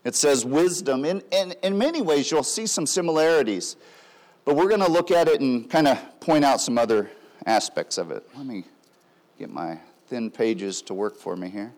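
A man preaching a sermon, swinging between loud emphatic lines and soft, quiet drops. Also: mid-range voice, lively intonation, normal speed. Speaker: pastor.

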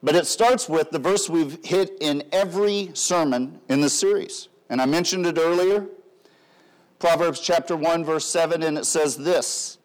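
Preacher guy giving a sermon, slow and deliberate, kinda high voice, gets loud then drops soft. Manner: dynamic preaching, swings between loud emphasis and soft drops. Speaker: pastor.

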